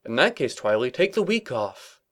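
A man voicing a caring older brother stallion pony in a concerned, steady manner. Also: medium pitch, normal speed.

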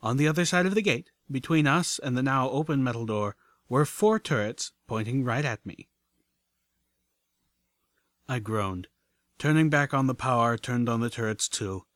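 A man narrating a first-person adventure story in a steady, measured reading. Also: mid-range voice, dry recording. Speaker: audiobook narrator.

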